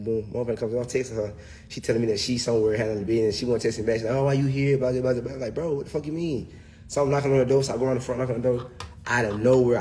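A man's voice: mid-range voice, slight background noise. A man ranting on a casual livestream, profane and emphatic, tacking "bro" onto nearly every sentence.

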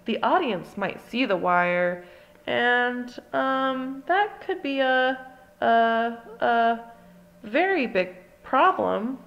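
A woman's voice: on the high side, lively intonation, extremely slow, dull audio, exaggerated voice. A woman voicing a timid young girl mouse ballerina in a storybook read-aloud, hesitant and stammering.

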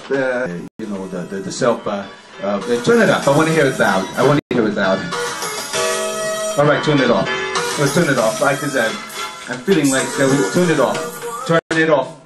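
A man's voice: mid-range voice, expressive, normal speed, music in the background, lightly acted. A man playing a cranky, rambling male talk radio host who stumbles through fillers and restarts, then barks orders and throws callers off. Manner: abrupt outbursts barking orders. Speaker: comedy performer. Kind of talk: spoof talk radio monologue. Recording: echoey room with background noise.

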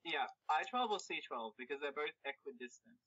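A man explaining the rules of a board game in animated, laughing casual talk. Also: on the high side, brisk, no room sound. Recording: dull, muffled sound.

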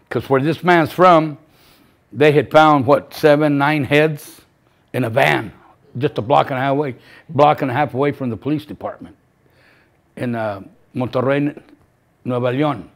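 A man in his seventies giving personal testimony as a grieving father, speaking in halting, emotional bursts and repeating phrases. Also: mid-range voice. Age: 70s.

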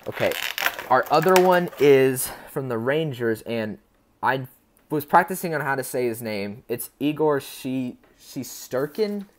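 A man hosting a casual unboxing video. He chats upbeat and rambling with his viewers and stumbles over player names as he goes. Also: on the low side. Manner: chatty and upbeat, talking to viewers. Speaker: unboxing channel host.

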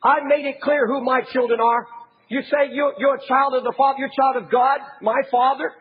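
A man preaching an impassioned sermon as a pastor, often raising his voice to a shout. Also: extremely high pitch, fairly even intonation, fairly quick, breathy edge, phone-quality sound.

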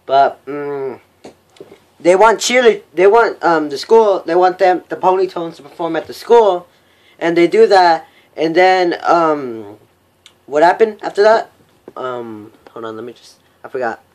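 A young man casually recapping a cartoon episode on a voice call, rambling and halting. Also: on the high side, lively intonation, darkish tone. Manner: rambling, halting, full of fillers. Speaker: vlog host.

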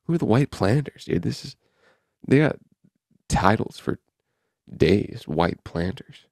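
A man's voice: fairly low pitch, sing-song, unhurried, vocal fry, darkish tone, no room sound, clean studio sound. A man hosting a podcast, chatting offhand and wry while reading headlines aloud and riffing on them. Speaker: podcast host. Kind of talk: casual podcast chat, reading news aloud.

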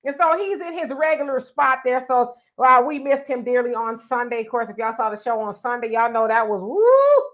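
A woman hosting a talk show about relationships, chatting in a lively, emphatic way. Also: on the high side, fairly quick, hardly any pauses. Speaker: show host. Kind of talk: casual talk show chat.

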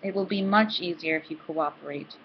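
A woman reading aloud as a middle-aged female college dean who speaks formally and briskly, on a dull, lo-fi recording. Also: low voice, a little hiss or hum. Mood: businesslike.

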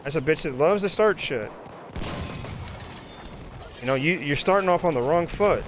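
A man telling profane, animated stories in casual chat while playing a video game. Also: on the high side, moderate pace, background noise. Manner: profane, animated storytelling, acts out other people's voices. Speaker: gamer chatting while playing. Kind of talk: casual chat over gameplay.

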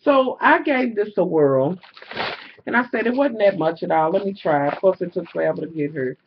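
A man's voice: sits high, lively intonation, moderate pace, slight background noise. A man chatting casually to camera in a vlog, swearing freely and venting in an exasperated way with lots of fillers, recorded indoors at home on a camera mic. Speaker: vlogger selling jewelry. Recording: dull lo-fi camera audio.

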